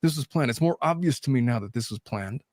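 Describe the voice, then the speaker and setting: Hosting a laid-back podcast discussion, a thirtysomething man talks fast in a medium-pitched voice. He's lively, cursing freely and laughing between his points, and the audio is studio quality with no echo.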